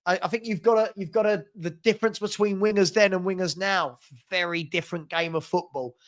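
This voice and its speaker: A young man hosts a live fan watchalong, chatting casually into a desk mic and reading viewer comments aloud. His voice sits high for a man, and his talk is loose and full of ums and restarts. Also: steady tone, fairly quick. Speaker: fan channel host reading live chat.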